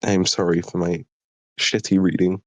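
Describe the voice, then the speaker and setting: A man's voice: low voice, little pitch movement, moderate pace, dry recording. A tired British man with a southern English accent reading his own story aloud and stopping for apologetic asides. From Britain. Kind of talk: live story reading and chat.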